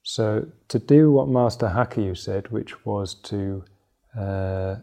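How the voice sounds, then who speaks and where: Male meditation teacher, low gravelly voice, mellow tone, relaxed and thinking aloud in class. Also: unhurried.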